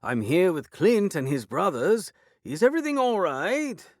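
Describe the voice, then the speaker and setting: A genteel old lord, fussy and doting, as the narrator puts him on, with a much higher, lilting voice. His calls are loud and affectionate, recorded dry and close. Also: wildly swooping pitch, unhurried, no room sound, heavily acted.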